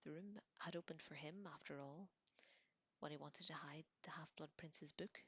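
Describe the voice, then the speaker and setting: A woman narrating a novel in a calm, hushed, partly whispered reading. Her voice sits low with a gravelly creak, and the recording is dry and close. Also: normal speed, dry recording. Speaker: audiobook reader.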